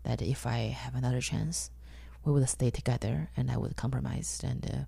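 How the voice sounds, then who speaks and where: Gravelly-voiced woman from China. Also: rumbling low, fairly even intonation, dark tone, no echo. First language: Mandarin Chinese. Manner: blunt, halting, acts out quoted voices. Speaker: guest comedian. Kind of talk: candid personal storytelling.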